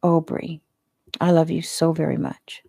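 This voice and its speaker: A woman's voice: low-pitched, flat delivery, a little slow, gravelly, warm tone, no room sound, clean studio sound, full character voice. A woman reading a tender young man, devoted and worried.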